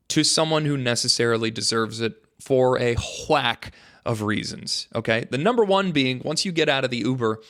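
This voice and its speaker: A man's voice: medium pitch, expressive, moderate pace, fairly bright tone. A man hosting his own podcast alone, talking in a rambling, joking way with mock-dramatic asides to his listeners. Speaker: podcast host. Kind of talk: casual solo podcast monologue.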